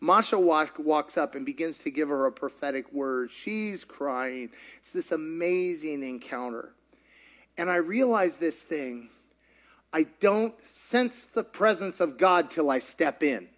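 A man preaching a sermon, telling a story in an animated, chatty way and laughing often. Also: fairly high pitch, unhurried. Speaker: pastor.

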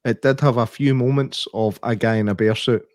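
Scottish bloke, sweary and laughing, dry close mic. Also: male voice, medium pitch, fairly quick, no room sound. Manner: animated storyteller, swears freely, laughs often. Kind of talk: casual chat.

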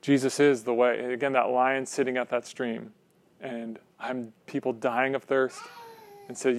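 A man's voice: mid-range voice, little pitch movement, measured pace. A man preaching a sermon in a conversational way, often checking in with "right?".

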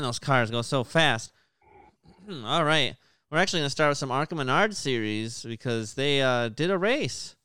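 A man co-hosting a casual racing podcast, chatting and reading race results in a relaxed way. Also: medium pitch, smooth, no room sound, studio quality. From United States. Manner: announcer-style intro, then relaxed chat reading results. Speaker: podcast co-host.

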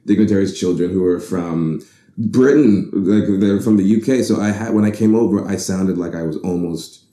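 A young Bahamian man chats casually in a low, dark-toned voice at a moderate pace. He rambles reflectively with frequent restarts, and the recording has a roomy echo.

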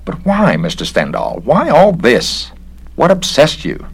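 A man reading a story aloud, voicing a nervous, prim male government inspector in a raised, excitable voice. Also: fairly high pitch, measured pace, gravelly, husky, pitched above the performer's own voice, full character voice. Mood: fussy, alarmed.

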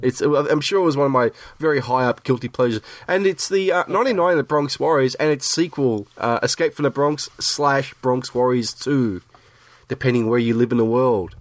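A man's voice: medium pitch, normal speed, no echo. A man hosting a podcast, joking and laughing as he chats while sick with a cold. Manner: laughs often, rambling and jokey. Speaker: podcast host. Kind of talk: casual chat.

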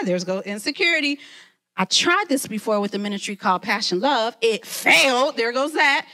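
A woman who leads a ministry, preaching a lively sermon and talking straight to her listeners. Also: on the high side, moderate pace. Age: adult, mother of children. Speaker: women's ministry leader.

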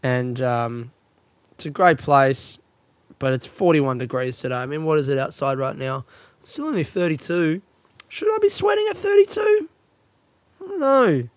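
A young Australian comedian rambles through a casual solo podcast, tired and yawning, swearing often and putting himself down. He records on a phone in a friend's hot house. His voice is on the high side and clean-toned, with no room sound.

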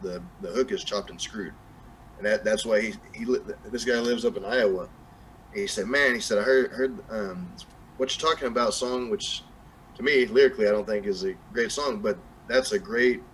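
A young man from New Mexico with a Southern accent, appearing as a guest rapper on a podcast, chats casually and rambles with many fillers and restarts. His voice sits on the low side, and the low-quality recording has slight background noise.

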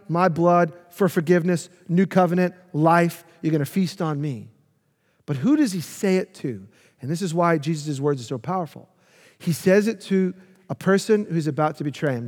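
A male pastor preaching a sermon, emphatic and swinging from loud to hushed. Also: a little high, in a large hall.

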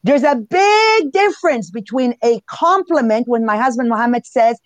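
Animated Italian-accented woman in her fifties. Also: a little high, moderate pace, hardly any pauses, dry recording. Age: 50s. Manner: animated, laughs often, talks to listeners. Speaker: podcast co-host. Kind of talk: casual live podcast talk.

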